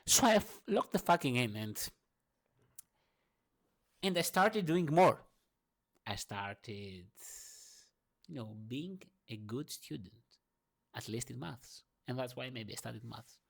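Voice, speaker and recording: A young man speaking English as a second language, with a gravelly, creaky voice and a pitch that leaps and dips all over the place. He rants through a personal monologue, swearing freely and swinging between loud outbursts and near-murmured asides. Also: expressive, slow pace, long pauses. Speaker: vlogger. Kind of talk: morning rant monologue.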